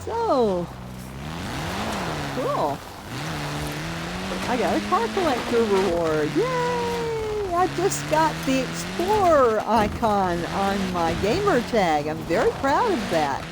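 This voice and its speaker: A woman's voice: a little high, huge pitch swings, slow pace, heavy background noise. An older woman streaming a racing game, chatting casually and giggling often. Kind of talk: casual live-stream commentary.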